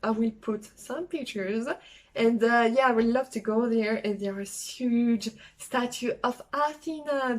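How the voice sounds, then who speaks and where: A young woman from France with a French accent, chatting casually and haltingly in a travel vlog, with many fillers. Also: on the high side, poor audio. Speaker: travel vlogger. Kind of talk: casual solo vlog talk.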